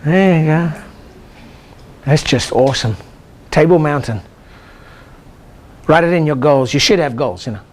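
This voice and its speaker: A man's voice: fairly high pitch, measured pace, long pauses. An older man, a chiropractor, giving an exclamatory motivational seminar talk and leading the audience in call-and-response chants. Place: lecture room with a live audience.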